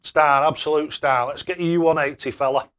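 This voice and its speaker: Man, live stream host, casual chat, matey, slightly high voice. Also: fairly even intonation, moderate pace, fairly bright tone, clear, resonant tone. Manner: chatty, greets and thanks viewers by name; matey banter, calls people mate.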